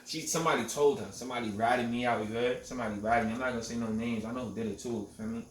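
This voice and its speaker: Racing along in a steady, mid-range voice, a man in his 20s hosts a podcast of casual storytelling chat, using street slang and repeatedly asking whether you feel him. The mic sounds distant, with roomy echo and a faint noise floor.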